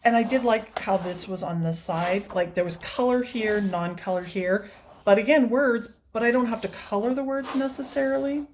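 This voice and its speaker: A woman's voice: fairly high pitch, moderate pace, a little hiss or hum. Chatty gushing woman showing books. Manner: chatty, gushing, laughs often. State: tearful, near crying. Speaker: coloring book channel host. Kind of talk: casual show-and-tell vlog.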